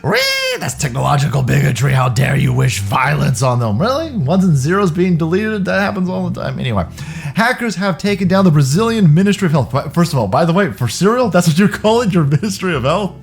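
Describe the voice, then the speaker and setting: A man's voice: fairly high pitch, animated, fairly quick, creaky. A man hosting ranting, sarcastic commentary, mocking and swearing freely. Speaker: commentary host.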